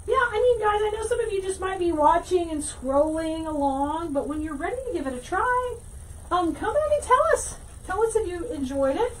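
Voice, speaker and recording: A woman hosting a casual livestream craft tutorial, chatting with viewers and thinking out loud as she works. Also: high voice, low-quality recording. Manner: chatty, reads viewer comments aloud, thinks out loud while working. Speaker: wreath-making teacher and livestream host.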